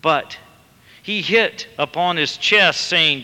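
Male preacher, sermon storyteller; slow, emphatic, echoing hall. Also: a little high, big pitch swings, sharp tone. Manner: storytelling, rising to emphatic bursts. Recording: long reverb in a large hall.

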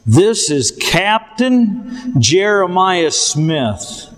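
A proud, commanding navy captain, played by a man telling a story. He gives his orders slowly and with weight, his voice pitched a little high. The sound rings with a long hall echo. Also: very animated, soft background music, full character voice. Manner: stern, ordering over the radio.

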